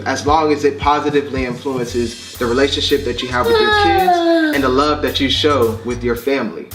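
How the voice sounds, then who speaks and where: A man's voice: a little high, a bit bright. A man hosting a family vlog, speaking earnestly and reflectively to his viewers, with frequent fillers as he talks about being a father. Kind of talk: heartfelt family vlog talk. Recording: roomy echo, distant mic, faint music.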